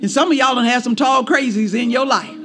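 A man preaching a sermon in a folksy storytelling manner, animated and shouting at times, with laughing asides. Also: extremely high pitch, a little fast, a crowd in the background.

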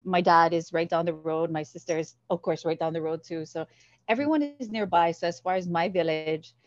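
A woman's voice: on the low side, a little fast, dull audio. A woman from Hawaii, a guest telling stories in an interview and acting out the voices in them. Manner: animated, acts out the voices in her stories. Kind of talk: storytelling interview.

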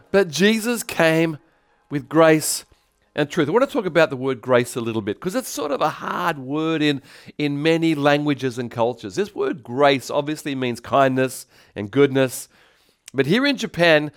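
A man preaching a sermon as pastor, animated, moving between loud calls for praise and quiet storytelling. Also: on the high side, clear, resonant tone. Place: church in Tokyo.

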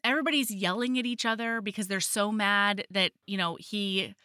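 A woman's voice: mid-range voice, moderate pace, no room sound, studio quality. A woman co-hosting a podcast, casually recapping a romance novel and acting out the characters' lines as she goes. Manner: animated retelling with quoted character lines. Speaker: podcast co-host. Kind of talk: casual book recap chat.

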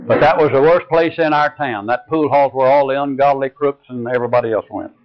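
An older man preaching a sermon and telling personal stories, slow and earnest, dropping soft and low on key lines. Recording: dull lo-fi recording.

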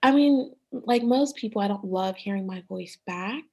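A woman's voice: mid-range voice, normal speed, darkish tone, husky. A woman co-hosting a podcast in casual chat, a little nasal at times, chatty and thinking aloud with frequent laughs. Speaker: podcast co-host.

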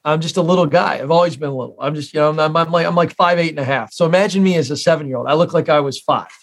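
A man in his forties from the United States talks as an interview guest, emphatic and fond of repeating his key phrases. His voice sits a bit higher than most men's. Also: rapid-fire. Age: 40s. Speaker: guest, career expert. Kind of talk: interview storytelling.

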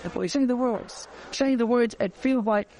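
A man, teaching a conversational Torah class, animated and repeating phrases as he searches for words. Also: very high-pitched, normal speed, slight background noise.

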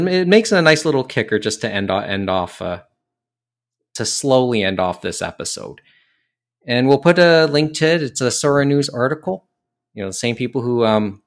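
A man hosting a casual podcast chat, rambling with many fillers and restarts. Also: medium pitch. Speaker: podcast host.

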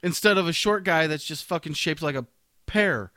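A man co-hosting a podcast, cracking crude jokes and swearing freely. His voice sits a bit high for a man and sounds dry and close to the mic. He keeps slipping into goofy voices when he quotes people. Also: moderate pace, bright, forceful tone, no echo. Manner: joking, profane, puts on silly voices for quotes. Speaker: podcast co-host. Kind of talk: casual crude chat.

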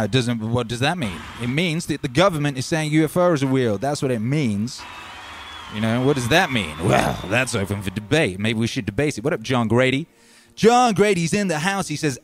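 Man ranting excitedly on a livestream. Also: moderate pace, slight background noise. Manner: animated, swings from loud shouts to low mutters. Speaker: livestream host and musician. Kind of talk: casual livestream rant.

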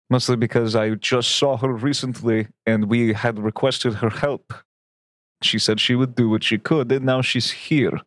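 Guy voicing a polite fumbling gentleman, plain mid voice, super dry. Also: mid-range voice, no room sound, natural voice. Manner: polite and hesitant, many fillers. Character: courteous young gentleman, polite and uneasy.

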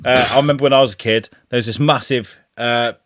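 A man's voice: mid-range voice, fairly even intonation, quick pace, a bit bright, no echo, clean studio sound. A man with a British accent, co-hosting a podcast in casual, swearing banter, laughing often. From England. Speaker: podcast co-host.

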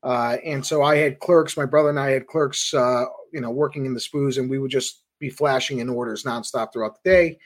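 A man, the founder of a trading firm, recounting his career in a casual, animated storytelling way as a podcast guest. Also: medium pitch. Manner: animated anecdotes, quick asides.

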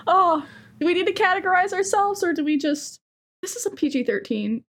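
A young woman with a high, bright voice chats casually on her podcast. She is animated and giggly and breaks into sudden squeals. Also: brisk. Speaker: podcast co-host and streamer. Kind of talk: casual chat.

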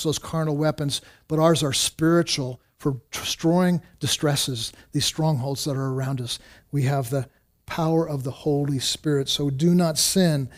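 A man preaching a sermon, earnest, often repeating words and restarting, rising in pitch and force when he urges. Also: darkish tone. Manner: rises in pitch and volume when exhorting. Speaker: pastor.

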